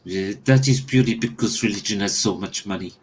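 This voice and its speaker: A man chatting casually as a player at a tabletop game, making slow, dry remarks. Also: on the low side, husky.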